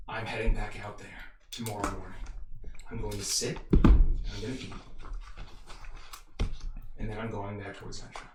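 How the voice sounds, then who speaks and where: A man's voice: unhurried, long pauses, close to an everyday voice. A man voicing a weary, grim half-elf male hunter who speaks curtly and tensely, in a tabletop game. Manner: curt, clipped, low and tense. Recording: roomy, distant mic, faint music.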